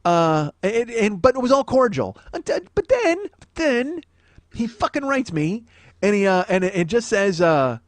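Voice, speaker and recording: A man's voice: high voice, very animated, a little slow, no room sound. A man in his forties hosting a solo comedy podcast, ranting in a profane, self-mocking, mock-indignant way.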